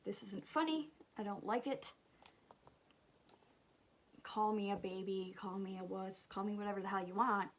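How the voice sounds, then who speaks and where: A young woman, chatting and telling a story while doing her makeup, animated and swearing casually. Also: mid-range voice, normal speed, pauses often. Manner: animated, swears casually, drops to whispers at times. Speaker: beauty vlogger.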